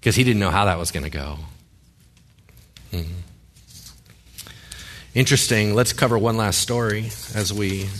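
A man's voice: lowish voice, a little slow, long pauses, a bit bright. A male pastor giving a sermon in a conversational way, with joking asides and rhetorical questions.

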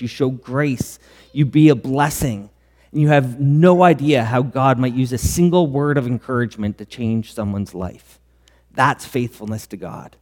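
A man's voice: medium pitch, darkish tone. A man preaching a sermon as pastor, earnest and full of rhetorical questions. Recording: long hall reverb.

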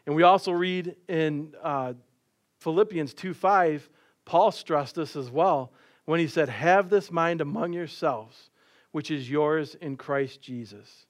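A male preacher with a somewhat high voice delivers a sermon. He tells anecdotes, laughs lightly, and acts out the people he quotes. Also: slow.

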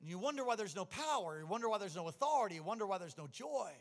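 A middle-aged man preaching a sermon, telling personal stories and moving from hushed confession to stirring exhortation. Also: high voice, big pitch swings, very fast. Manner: personal storytelling that swings from quiet to exhorting. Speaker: pastor. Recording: long reverb of a large hall.

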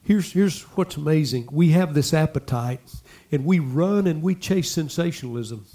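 A man preaching a sermon, talking to the congregation in asides and repeating lines as he builds to loud exhortation. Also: fairly high pitch, animated, moderate pace, hardly any pauses. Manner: impassioned, repetitive preaching that swells to loud exhortation. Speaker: pastor.

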